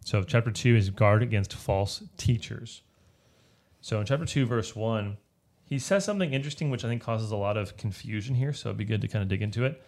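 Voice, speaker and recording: Male Bible teacher, low gravelly voice, conversational and explanatory. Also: a little fast, a little mellow. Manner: explanatory, checks in with frequent "right?". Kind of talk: casual Bible study teaching.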